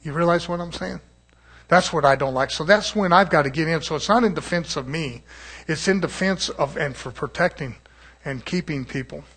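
A man's voice: fairly high pitch, normal speed, a bit bright, husky. A man preaching a sermon in an emphatic, confrontational way, chuckling between points.

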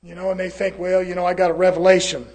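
A preacher from California, a man preaching a fiery sermon in a folksy way, swinging from loud to low. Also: little pitch movement, quick pace.

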